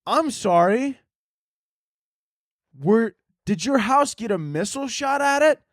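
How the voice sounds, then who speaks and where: A man's voice: very high-pitched, moderate pace, dry recording, clean studio sound. A young man hosting a solo comedy podcast, ranting with lots of swearing. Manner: profane, animated ranting with mocking impressions. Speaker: podcast host.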